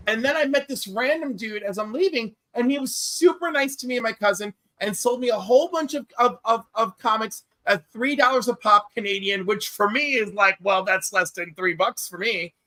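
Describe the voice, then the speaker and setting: Man, bright clear voice, dry close sound, animated storyteller, casual chat. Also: extremely high pitch, no echo.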